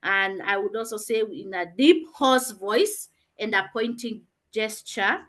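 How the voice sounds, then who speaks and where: A woman's voice: mid-range voice, a little slow, fairly bright tone. A woman teacher explaining answers and calling on students in an online revision class over a video call.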